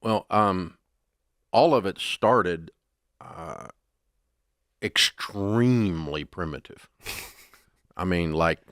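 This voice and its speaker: An older man as an interview guest, telling stories in a folksy, animated way. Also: low voice, extremely slow, pauses often, no room sound, clean studio sound. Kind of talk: storytelling interview.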